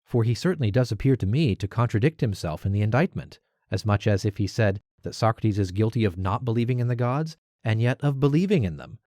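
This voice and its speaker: A man's voice: fairly low pitch, animated, brisk, hardly any pauses, a little mellow, dry recording, studio quality. A man giving a dramatic reading of a philosophical dialogue, arguing in a rhetorical, questioning way that rises on key words. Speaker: reader of a classical text.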